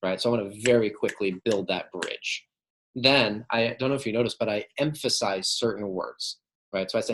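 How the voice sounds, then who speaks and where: Fairly low in pitch, a bit bright and breathy, this man talks at a moderate pace. As a manager, he walks his receptionists through phone calls in a relaxed way. He plays both caller and receptionist and keeps tossing in "right?"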